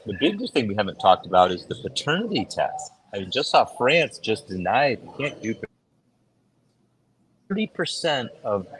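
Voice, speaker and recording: A middle-aged man chatting casually as a podcast co-host, telling stories and acting out quoted voices with big jumps in pitch. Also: big pitch swings, moderate pace, a little hiss or hum, rough recording. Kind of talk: casual chat.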